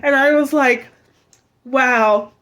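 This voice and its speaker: A woman's voice: high voice, slow pace, fairly bright tone. A woman in her twenties sharing an emotional personal story, heartfelt and full of "like" and "um". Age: 20s. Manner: heartfelt, fills speech with "like" and "um".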